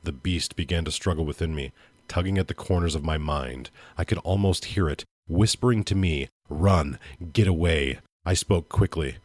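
Low-voiced man narrating a dark story. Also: moderate pace, no echo. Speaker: podcast host. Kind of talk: dramatic story reading.

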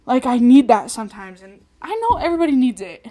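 A woman's voice: high-pitched, very animated, fast, few pauses, warm tone. Chatty young woman venting with laughs. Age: young adult. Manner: chatty, laughs often, vents animatedly. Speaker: podcast host. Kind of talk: casual storytelling monologue.

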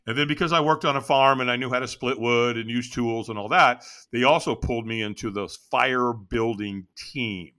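Middle-aged man, bright and clear, lively guest storyteller who jumps into his own quoted lines. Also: normal speed, hardly any pauses. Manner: animated, acts out his own past lines with jumps in pitch. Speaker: podcast guest. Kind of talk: storytelling interview.

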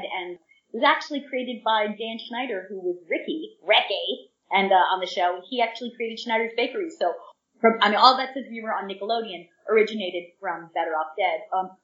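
A woman in her fifties, a guest actress chatting eagerly in an interview and speaking straight to young listeners. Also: medium pitch. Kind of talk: casual interview chat. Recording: roomy, distant, dull remote line.

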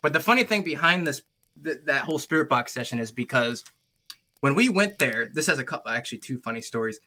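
A man's voice: medium pitch, animated, fast talker, sharp tone, slight background noise. A man, a paranormal investigator, telling stories in casual chat, swearing freely and saying "dude" a lot. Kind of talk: casual storytelling.

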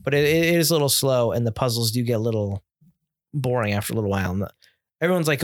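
A man's voice: mid-range voice, quick pace, no echo. An American man co-hosts a casual conversation in a dry, close-miked sound. His delivery is opinionated and rambling, and he often restarts his sentences as he builds an argument. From United States. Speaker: podcast co-host. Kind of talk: casual chat about video games.

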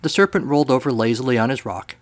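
Man, storyteller host, wry dry delivery, mid pitch. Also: fast.

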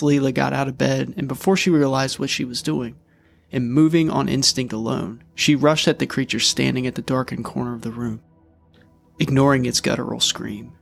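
A man reads a dark storybook aloud in a steady, measured way. His mid-range voice carries a gravelly, creaky grain. Soft music runs faintly beneath the narration. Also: medium pitch. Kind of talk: storybook reading.

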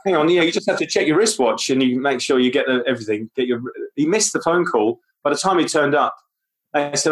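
A man's voice: fairly high pitch, fast talker, rough recording. A man co-hosting a podcast, talking casually about films in a rambling, self-deprecating way with plenty of ums and uhs. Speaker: podcast co-host. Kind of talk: casual film chat.

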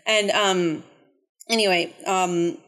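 A woman's voice: on the low side, steady tone, takes it slowly, a bit bright. Chatty woman retelling a film plot. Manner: rambling plot retelling with many fillers. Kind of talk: casual movie chat.

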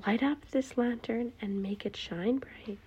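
A woman voicing a kind, hopeful little girl animal in a storybook, soft and breathy. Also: on the high side, unhurried, highs cut off. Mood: eager.

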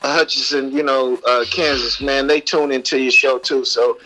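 A man's voice: mid-range voice, steady tone, normal speed, bright, forceful tone, slight background noise, rough recording. An American man, a musician calling in as a guest, chatting casually and gratefully, often tagging sentences with "man". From United States. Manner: laid-back, thankful, peppers talk with "man". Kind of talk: casual phone-in chat.

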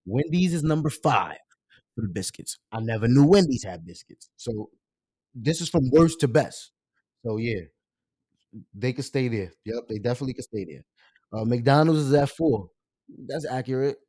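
A husky-voiced man hosting a live stream, talking loosely and casually and swearing freely. His voice jumps up sharply whenever something excites him. The sound is close and dry. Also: medium pitch, normal speed, pauses often, no room sound. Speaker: livestream show host.

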